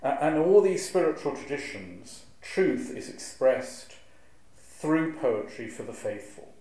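A man, a clergyman, giving a lively, wry lecture to a live audience and reciting verse with a strong rhythm. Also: medium pitch, slow pace. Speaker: clergyman giving a talk on preaching. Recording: very echoey hall, faint ambience.

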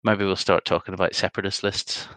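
Brief: male co-host, low gravelly voice, dry close sound, rambling casual delivery. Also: level tone, quick pace, a bit bright, no room sound. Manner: rambling, many ums, reads out results. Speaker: podcast co-host. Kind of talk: casual chat.

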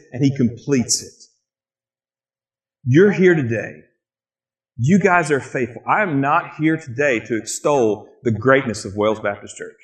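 A man preaching a sermon in a church, lively and animated, often acting out excited quotes in a higher voice. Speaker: pastor.

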